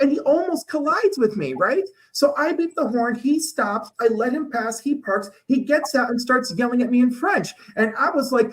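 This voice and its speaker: A man's voice: extremely high pitch, animated, moderate pace, hardly any pauses, low-quality recording. A man telling crude rambling stories in a casual panel chat. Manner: crude, rambling storyteller, loud acted outbursts.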